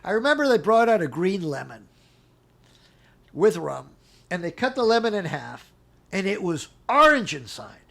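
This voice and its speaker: A man's voice: sits high, normal speed, creaky, long pauses. A middle-aged man telling a long personal story in casual talk, acting out what people said and laughing as he goes. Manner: animated, acts out quotes with laughs. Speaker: interview guest.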